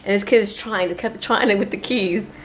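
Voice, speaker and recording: A woman's voice: medium pitch, brisk, a little hiss or hum. A woman filming a casual home vlog as a mother, playful and teasing, laughing often. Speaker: vlogger, mother.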